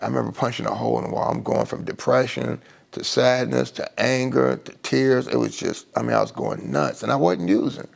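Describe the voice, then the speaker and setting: A middle-aged man with a deeply gravelly, creaky voice tells his own recovery story live. He speaks at a middling pitch and halts often, circling back and restarting his sentences as the feeling catches up with him. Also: fairly even intonation. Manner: halting, with many restarts and fillers. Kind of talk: emotional personal testimony on a live stream.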